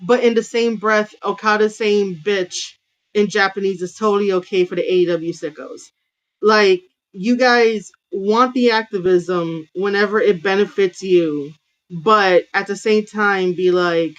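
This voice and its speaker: A woman's voice: medium pitch, a little slow. Woman ranting casually about wrestling, lots of ums and you knows, kinda muffled audio. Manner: opinionated, many fillers and restarts. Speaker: wrestling commentary host. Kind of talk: casual opinion rant. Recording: dull lo-fi sound.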